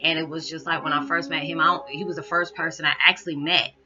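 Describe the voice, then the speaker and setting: A woman's voice: deep voice, steady tone, quick pace, pushed and bright. A woman vlogger giving an earnest, rambling, emotional monologue, speaking to her viewers. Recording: dull recording with music behind.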